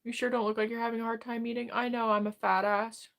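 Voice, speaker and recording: A woman streamer with a slightly high voice talks through her chat while close to tears. She speaks haltingly and rambles, stopping and restarting as she runs herself down. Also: flat delivery, creaky, a bit bright. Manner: halting, rambling, self-deprecating. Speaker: livestreamer. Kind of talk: live chat reading and reply.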